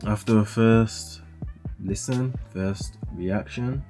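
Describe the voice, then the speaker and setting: Soft background music plays as a young music reaction host comments on songs in a warm, slow voice on the low side. He rambles casually and keeps saying "like" as filler.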